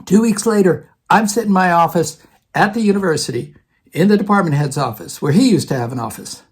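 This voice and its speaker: An older man, a retired theater department head, telling a personal story in a relaxed conversational way and acting out other people's lines. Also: high voice, fairly quick, husky.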